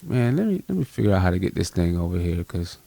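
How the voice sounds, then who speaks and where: A man's voice: sits low, sing-song, fast, vocal fry, mellow, dry recording. A man hosting a live postgame basketball stream, chatting straight to his viewers. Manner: chatty, addresses viewers directly. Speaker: fan livestream host.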